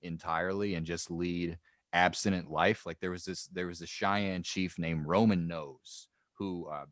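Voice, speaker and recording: Deep-voiced man rambling through history. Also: fairly even intonation, a little slow, fairly bright tone, no echo, studio quality. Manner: rambling, joking, many restarts. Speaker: podcast co-host. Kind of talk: casual history podcast chat.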